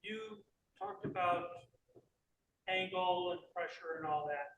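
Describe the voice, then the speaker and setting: A man in the audience asking the demonstrator a hesitant, halting question. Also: high voice, steady tone, a bit bright, muffled recording. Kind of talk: question from the floor.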